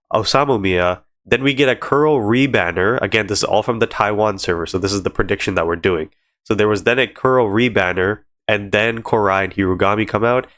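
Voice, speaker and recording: A man's voice: lowish voice, fairly bright tone. A man with a congested voice, chatting casually to his channel about a game's upcoming banners. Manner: chatty, explains step by step with many "so" and "again". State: congested from allergies. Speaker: gaming YouTuber. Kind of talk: casual game news talk to camera.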